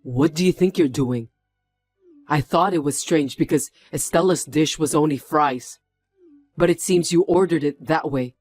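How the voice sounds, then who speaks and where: A man's voice: on the high side, a little slow, darkish tone, no echo, soft background music. A man voicing a company executive who sternly scolds someone for her cruelty in a drama. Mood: reproachful. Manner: stern, reproachful.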